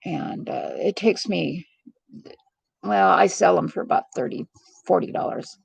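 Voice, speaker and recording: A woman's voice: fairly low pitch, a little slow, gravelly, husky, dry recording, low-quality recording. A middle-aged woman hosting a live stream vlog, talking in a rambling, earnest and heartfelt way. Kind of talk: casual confiding monologue.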